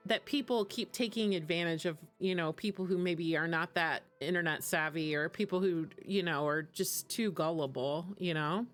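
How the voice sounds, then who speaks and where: A woman chatting casually while she plays a game on stream, rambling from one aside to the next and breaking into laughter often. Her pitch is mid-range, and faint game music plays under her voice. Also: a bit bright. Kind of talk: casual chat while gaming.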